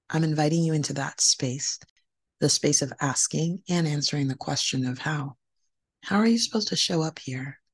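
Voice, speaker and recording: A woman's voice: low-pitched, husky. A woman hosting a podcast, giving an earnest, emphatic motivational talk and repeating key phrases for encouragement. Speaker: podcast host and hematologist.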